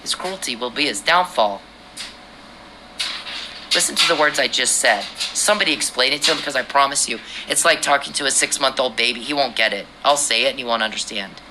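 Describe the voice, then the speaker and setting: A woman's voice: extremely low pitch, a little fast, noisy background. A woman hosting her own podcast, talking straight at a man she accuses, confrontational and swearing. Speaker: podcast host. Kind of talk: angry personal monologue.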